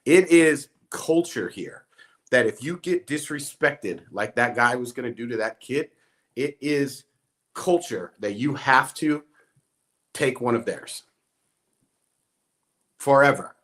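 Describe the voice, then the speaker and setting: A man's voice: medium pitch, lively intonation, takes it slowly, long pauses, a bit bright. A man casually recounting a story, acting out quoted dialogue as he goes. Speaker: guest.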